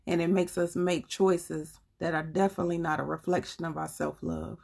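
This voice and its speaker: A woman with a Southern US accent talks casually to her viewers on a live stream, earnest and a little preachy. Her voice sits low and comes out husky, with a gravelly edge. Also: expressive, normal speed, darkish tone. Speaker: livestream host.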